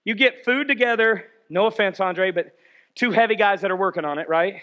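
A man preaching a sermon as a pastor, shifting between shouted exhortation and quiet, chatty storytelling. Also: high voice, a little fast, muffled recording.

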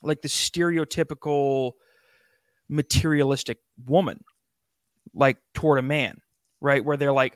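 A man hosting a casual chat, animated and profane, acting out bits in his jokes. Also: medium pitch, unhurried, long pauses, no echo, clean studio sound. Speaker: podcast host.

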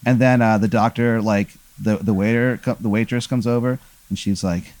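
A man's voice: fairly low pitch, fairly even intonation, moderate pace, few pauses, a little mellow, no room sound. A man casually telling an improvised story, rambling with fillers and restarts and jumping into voices for the characters. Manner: rambling, many fillers and restarts, acts out quoted lines. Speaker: host telling a made-up scenario.

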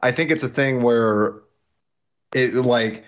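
A man's voice: mid-range voice, takes it slowly, fairly bright tone. A man guesting on a casual film review podcast, rambling through his theories with many likes and you-knows. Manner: rambling, filler-heavy theorizing. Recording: dull, muffled sound.

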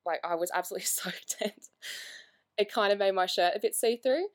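A woman's voice: mid-range voice, brisk. A woman guest on a podcast, chatting casually, self-deprecating and laughing often. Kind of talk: casual chat.

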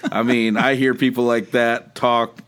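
Texan man, podcast co-host, easygoing rambling chat, mid pitch. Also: little pitch movement, unhurried, a bit bright, clear, resonant tone. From Texas. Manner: chatty, laughs often, trailing asides. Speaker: podcast co-host, seminary student. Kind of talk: casual chat.

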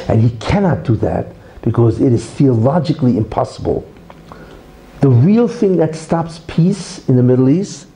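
The audio here is poor, capturing a medium-pitched man giving a lively, rhetorical religious talk in a relaxed style. He often punctuates his points with "right?" and "you see."

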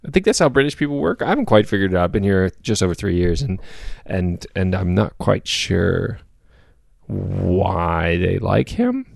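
A young man with a low voice rambles through a casual podcast chat, restarting his sentences and laughing often. The recording is dry and close to the mic. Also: lively intonation, moderate pace, gravelly, a little mellow, no room sound. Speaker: podcast co-host.

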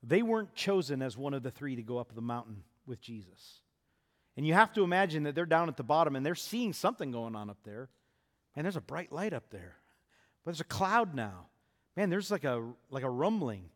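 Animated man preaching in a reverberant hall. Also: fairly high pitch, a little fast. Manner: animated, acts out Jesus and disciples. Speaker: pastor. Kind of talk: sermon.

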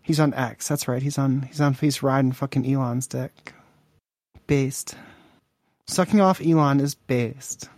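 A man's voice: medium pitch, steady tone, unhurried, darkish tone, no echo. Prank podcast host, man, crude and mocking, rambling delivery, dry close sound. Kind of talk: crude prank call banter.

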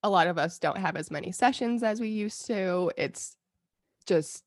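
A woman's voice: mid-range voice, normal speed, dry recording, studio quality. A woman co-hosting a podcast in casual chat, sounding groggy from a strained throat, telling stories with lots of fillers and laughs. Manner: chatty storyteller, laughs often, many fillers. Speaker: podcast co-host.

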